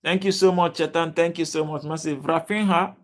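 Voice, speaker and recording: A young man hosts a casual livestream, reading out viewers' names and answering their comments as they come. His voice sits a little high for a man, and he talks haltingly, full of fillers and restarted sentences. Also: fairly even intonation. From Nigeria. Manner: halting, many fillers and restarts, addresses chat viewers by name. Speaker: livestream host.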